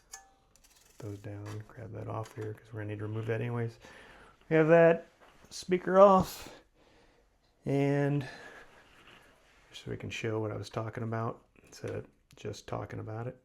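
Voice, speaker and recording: Gravelly man talking through an install. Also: fairly low pitch, normal speed, long pauses. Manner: relaxed, talks while working, frequent fillers. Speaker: DIY installer. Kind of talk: hands-on install walkthrough.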